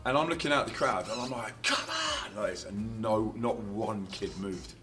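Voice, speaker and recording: A man's voice: fairly low pitch, normal speed, a bit bright, faint music behind. A man chats casually as an interview guest, spinning stories from the road. He laughs easily and acts out quotes at full volume. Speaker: touring Christian musician, interview guest. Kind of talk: casual anecdotal storytelling.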